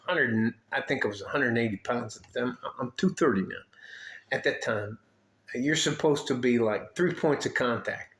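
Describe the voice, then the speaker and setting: An older man from Detroit telling rambling, profane army stories in a casual way, with frequent asides and throat clearing. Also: a little high, a bit bright. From Detroit, USA. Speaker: army veteran storyteller. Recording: echoey room.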